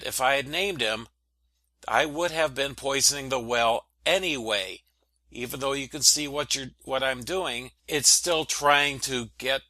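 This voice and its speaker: A man's voice: mid-range voice, sharp tone, no echo. A man hosting a solo podcast, talking in an earnest, lecturing, preachy way. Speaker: podcast host.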